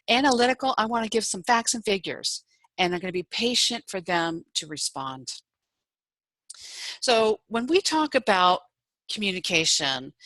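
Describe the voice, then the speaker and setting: A woman giving an online presentation on communication styles, lively and demonstrative, varying her emphasis and pace. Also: medium pitch, dry recording, poor audio. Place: home setup on an online meeting.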